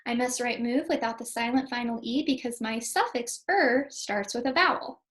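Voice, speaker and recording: A woman's voice: a little high, moderate pace, rough recording. A woman teaching a spelling lesson to second graders, patiently sounding out letters and syllables one at a time. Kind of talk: spelling lesson for young children.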